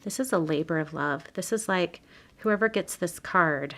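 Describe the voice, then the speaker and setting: A woman hosting a live card-making demo, chatting casually and dropping to soft murmurs while she works in her home craft room. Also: on the low side, moderate pace.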